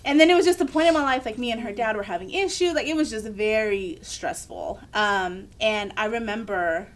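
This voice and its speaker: Animated young woman telling her story. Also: fairly high pitch, brisk, slight background noise. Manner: animated storyteller acting out quoted voices. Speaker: podcast co-host. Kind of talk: candid personal story in a podcast chat.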